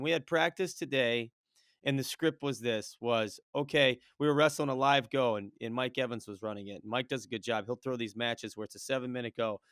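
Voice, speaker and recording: Wrestling coach guy talking shop on a podcast, high energy, rambles a bit, dry mic. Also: no echo. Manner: energetic, storytelling, rambling with restarts. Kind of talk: casual podcast conversation.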